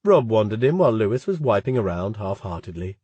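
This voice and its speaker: A man narrating an audiobook in a steady, even reading on a close mic. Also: lowish voice, brisk, breathy edge, no echo, muffled recording. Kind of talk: scripted narration.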